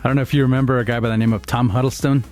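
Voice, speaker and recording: A man hosting a casual studio interview, upbeat and quick, leading his guests with questions. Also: medium pitch, steady tone, a little mellow, faint music behind. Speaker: podcast host.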